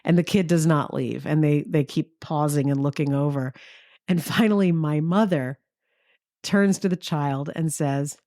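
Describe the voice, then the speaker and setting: A middle-aged woman from New York, co-hosting a podcast and telling anecdotes in a casual, animated way, acting out the lines of the people in her stories. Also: a little slow, no room sound, studio quality. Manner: lively anecdotal, acts out quotes with big pitch jumps. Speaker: podcast co-host. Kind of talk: casual storytelling chat.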